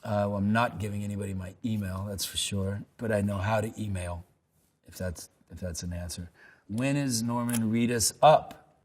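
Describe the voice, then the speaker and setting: A man's voice: fairly low pitch, moderate pace, darkish tone. A man, an actor, answering questions in a casual, rambling, self-deprecating way and telling loose anecdotes. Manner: laid-back, rambling, self-deprecating storyteller. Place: lives in New York.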